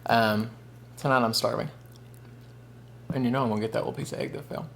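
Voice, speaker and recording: A man's voice: medium pitch, steady tone, brisk, creaky, fairly bright tone. Guy yakking to the camera over breakfast, folksy, a bit of room noise. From Southern United States. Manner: chatty, folksy, addresses viewers as y'all and honey. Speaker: food vlogger. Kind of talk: casual mukbang chat.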